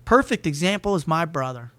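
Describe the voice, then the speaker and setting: Fervent male podcast guest with a high, bright voice; emphatic delivery, repeated restarts. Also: sing-song, fairly quick. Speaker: podcast guest, motivational speaker. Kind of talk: energetic podcast conversation.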